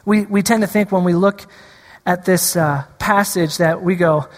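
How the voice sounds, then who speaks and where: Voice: medium pitch, unhurried, in a large hall. A preacher delivering a sermon, repeating key lines for emphasis and drawing the congregation in.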